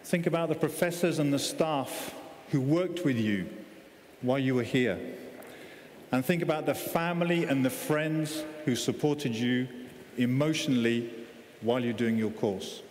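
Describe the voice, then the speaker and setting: A man hosting a graduation ceremony, speaking to the audience in a rousing, deliberate way. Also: mid-range voice, darkish tone. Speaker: master of ceremonies. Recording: echoey hall with long reverb, faint crowd and noise.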